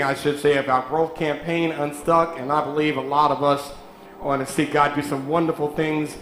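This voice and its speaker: A man's voice: fairly high pitch, a bit bright. A man preaching a sermon in a church, calling out to the congregation and teasing them. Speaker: pastor. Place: church sanctuary. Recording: echoey church sanctuary.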